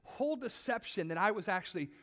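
A man's voice: high-pitched, lively intonation, fast talker, sharp tone. A middle-aged man preaching a conversational sermon, repeating words and asking his listeners questions. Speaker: pastor.

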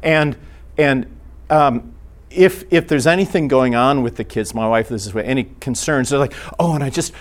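A man teaching a church class in an earnest, halting way, restarting his sentences often. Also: mid-range voice.

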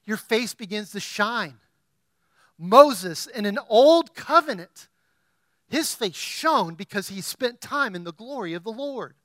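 A man preaching a sermon as pastor, asking the congregation questions and rising to loud, emphatic peaks. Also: high-pitched, expressive, takes it slowly, no room sound, clean studio sound.

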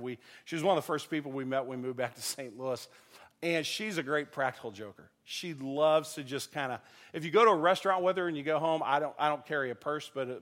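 Male pastor, slightly higher voice, easygoing sermon delivery that turns emphatic. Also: a bit bright. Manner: conversational preaching with anecdotes, rising to emphatic passages.

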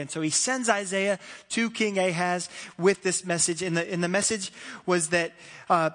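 A man preaching a sermon as a pastor in a church, in a lively, conversational way with many restarts. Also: high-pitched, moderate pace. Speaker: site pastor. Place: church sanctuary. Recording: long church hall reverb.

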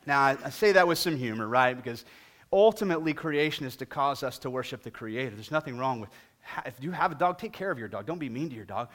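A middle-aged male pastor preaching a sermon and telling a humorous story with animated delivery. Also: mid-range voice, fast.

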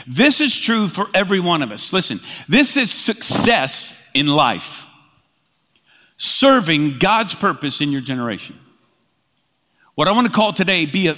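A man preaching a sermon as pastor, animated and conversational in his delivery. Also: fairly high pitch. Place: church sanctuary. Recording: reverberant church hall.

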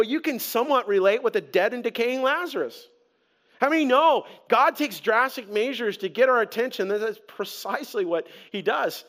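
A man preaching a sermon as pastor, animated and conversational, with humor. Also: sits high.

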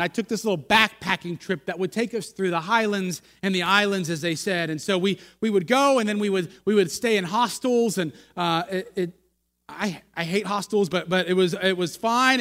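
A high-pitched, bright American male pastor tells a rambling, self-deprecating story from the pulpit. He stops often to toss asides to the congregation. The voice rings out through a long church-hall reverb. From United States. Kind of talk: sermon storytelling. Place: church sanctuary.

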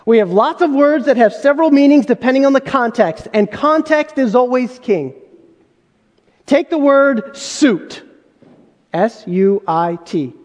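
A man's voice: very high-pitched, expressive, measured pace, darkish tone, in a large hall. A male pastor preaching a sermon in an emphatic way, full of rhetorical questions.

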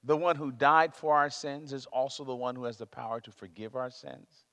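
Preacher echoing through a hall. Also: male voice, mid-range voice, normal speed, sharp tone. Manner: emphatic, repeats himself, searches for words. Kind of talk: sermon. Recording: long reverb of a large hall.

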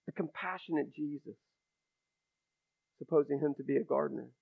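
A man preaching a sermon with passion, sinking to a hush and then rising to loud, emphatic declarations. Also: a little high, moderate pace, gravelly, long pauses. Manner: impassioned, builds from hushed to loud. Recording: thin phone-like recording.

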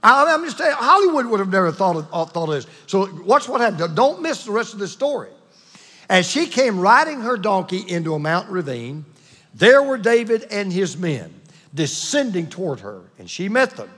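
A man delivers a sermon with sweeping, lively pitch, retelling a Bible story and acting out its people. His voice is husky and sits high for a man. The sound carries the long reverb of a large hall. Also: moderate pace. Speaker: pastor.

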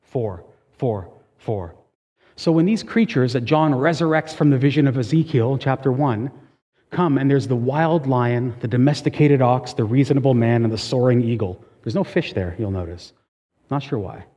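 A male pastor delivers his sermon in a conversational, emphatic way, with quick asides to the congregation. His voice is mellow and slightly husky. It rings out with a long reverb, as in a church sanctuary. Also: mid-range voice.

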